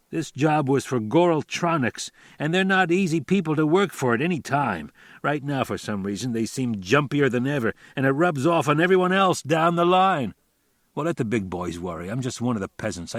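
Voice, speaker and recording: A man's voice: mid-range voice, no echo, clean studio sound, voice pushed up, lightly acted. A man voicing an easygoing husband who talks in a wry, offhand way. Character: easygoing male engineer husband, joking.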